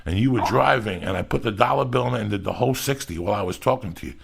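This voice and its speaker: A middle-aged man with a deeply gravelly, husky voice hosts a podcast in loose, profane chat. He rambles through stories with loud energy and constant swearing. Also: rapid-fire. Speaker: podcast host.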